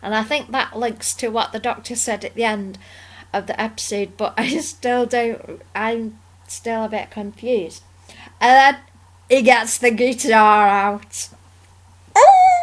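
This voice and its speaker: A woman with a slightly high voice talks through an episode review in casual chat. She gushes and squeals when something thrills her. The rest of the time she drifts back to a softer, rambling tone. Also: fairly even intonation, a little slow. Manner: usually soft-spoken. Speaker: YouTube reviewer.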